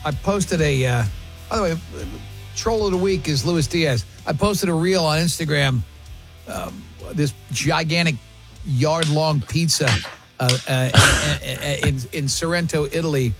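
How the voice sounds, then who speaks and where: A man's voice: on the high side, unhurried, over music. A man hosting a radio talk show, chatting casually in an emphatic, opinionated way with plenty of restarts. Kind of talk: casual morning-show banter.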